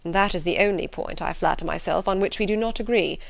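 A woman reading the part of a sardonic older father in an audiobook, measured and ironic. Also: on the low side, vocal fry, no room sound.

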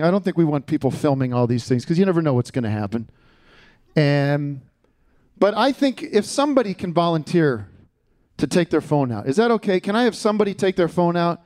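Halting man doing a stand-up bit. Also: on the high side, lively intonation, a little mellow. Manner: halting, stumbling joke delivery with restarts. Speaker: stand-up comedian guest.

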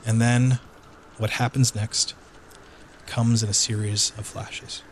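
A man's voice: on the low side, level tone, noisy background. A man narrating as game master of a tabletop game, often restarting and filling with ums. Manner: halting, restarts with fillers.

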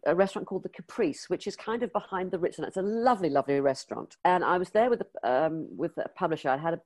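A low-pitched older woman from the UK, chatting as an interview guest. She tells anecdotes with energy and slips into the voices of the people she quotes. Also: fast talker. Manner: lively anecdotal storyteller, acts out quoted dialogue. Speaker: former magazine editor, interview guest. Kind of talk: storytelling interview.

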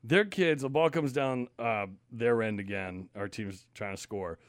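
A man co-hosting a podcast, telling an animated, profanity-laced story about his kid's soccer game. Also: medium pitch, measured pace, no echo, studio quality. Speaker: podcast co-host and parent. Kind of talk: casual chat.

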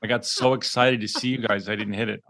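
A man co-hosting a casual podcast chat over a remote call, excitable and self-deprecating, swearing casually. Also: on the low side, fast, gravelly. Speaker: podcast co-host. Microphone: remote call mic.

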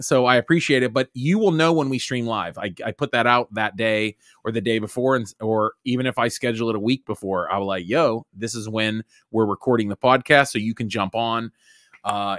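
A man's voice: medium pitch, fairly bright tone, no room sound, clean studio sound. A man hosting a casual podcast from home, loose and jokey, saying "dude" all the time. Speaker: podcast host.

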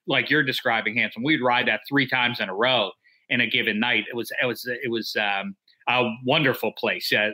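Man with a very bright voice. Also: medium pitch. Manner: playful, rambling, drifts between topics. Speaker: podcast co-host. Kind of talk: casual chat.

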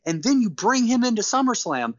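A man co-hosting a casual podcast, ranting in an animated, exasperated way and laughing between points. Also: very high-pitched, a little fast, dry recording, dull audio. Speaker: podcast co-host. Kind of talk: casual wrestling podcast chat.

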